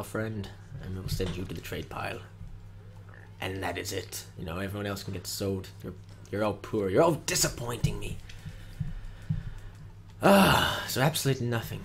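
Cracking dry jokes and grumbling casually, a young gaming video host with a fairly low voice opens card packs. The background is noisy.

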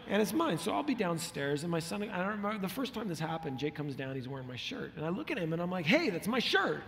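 A man's voice: on the high side, lively intonation, fast talker, vocal fry, slight background noise. A middle-aged man preaching a sermon as a pastor, telling stories with animation and acting out the lines he quotes. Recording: long hall reverb.

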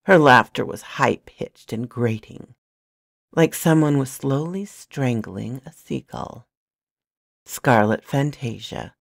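A woman with a low, expressive voice reads a novel aloud in the first person. She keeps a soft, hushed delivery and takes her time. The recording is dry and close to the mic. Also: slow pace, vocal fry, no room sound. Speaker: storyteller.

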